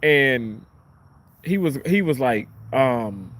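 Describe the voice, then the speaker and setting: A man's voice: medium pitch, extremely slow, pauses often, a little hiss or hum. Young guy vlogging about his surgery shift, chatty, cusses a lot, normal mid voice. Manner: animated, chatty, swears casually. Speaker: surgical tech. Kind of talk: casual vlog storytelling.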